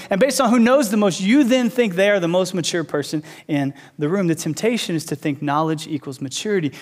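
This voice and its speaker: A man in his thirties preaching a sermon, an animated storyteller who repeats phrases for emphasis. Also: high voice, fast, few pauses. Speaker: pastor teaching a series.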